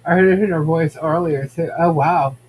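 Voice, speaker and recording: A man's voice: a little high, steady tone, moderate pace, a little mellow, husky. A man hosting a casual podcast, chatting and reacting to viewer comments. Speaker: podcast host. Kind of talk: casual gossip chat.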